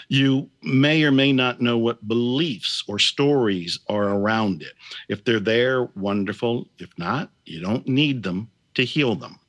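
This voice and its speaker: A man leading a slow, gentle guided healing meditation as a guest teacher. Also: medium pitch. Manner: slow, gentle, reverent guiding.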